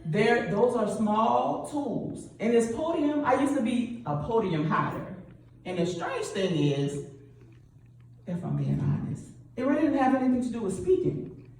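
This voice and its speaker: A middle-aged woman giving a lively motivational talk at a church event, often asking the audience questions. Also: on the high side, measured pace. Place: church hall. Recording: roomy echo, distant mic, faint hum.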